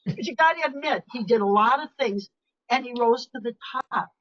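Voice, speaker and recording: An older woman coach giving a live webinar talk, animated and emphatic, often dropping her voice low or to a whisper for effect. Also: fairly quick. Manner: animated, emphatic, varies loudness, drops to whispers. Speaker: speaker and leadership coach. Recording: dull lo-fi webinar audio.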